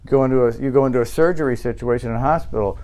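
A man preaching a sermon in earnest, building to loud, high passages and then dropping low and quiet, often restarting his phrases. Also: very fast. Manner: repeats himself and restarts phrases. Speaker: pastor.

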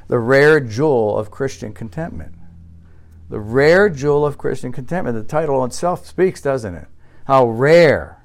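A male pastor preaching a sermon, who repeats key phrases for emphasis and swings between loud, emphatic exclamations and quiet, reflective asides. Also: medium pitch.

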